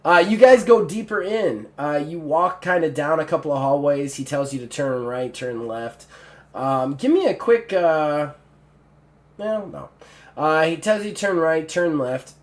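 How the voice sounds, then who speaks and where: A man's voice: fairly high pitch, a little slow. A man running a tabletop game as game master, narrating with many fillers and restarts.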